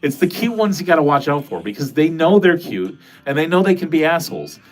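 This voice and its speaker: A man's voice: fairly high pitch, big pitch swings, a little fast, soft background music. Rambling, profane man chatting on a livestream. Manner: rambling, profane, self-deprecating. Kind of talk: casual livestream chat, reading out comments. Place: home basement.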